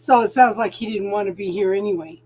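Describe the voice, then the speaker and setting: A woman's voice: mid-range voice, fast talker, a little mellow, husky. A middle-aged woman hosting a casual spiritual talk stream, chatting sympathetically with viewers and calling them hun.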